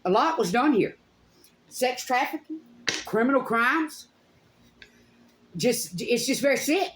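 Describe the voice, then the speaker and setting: A woman's voice: high voice, expressive, slow, noisy background. Furious woman ranting, echoey room. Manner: heated, accusing, swearing, repeats phrases for emphasis. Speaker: psychic channel host. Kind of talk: angry direct-to-camera rant.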